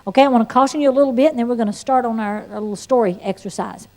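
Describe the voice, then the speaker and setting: A woman teaching an evangelism class, mixing sermon-style instruction with her own life story in a folksy, animated way. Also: fairly high pitch, rapid-fire. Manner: folksy and animated, with playful asides and shifts of tone. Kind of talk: sermon-like teaching with personal testimony.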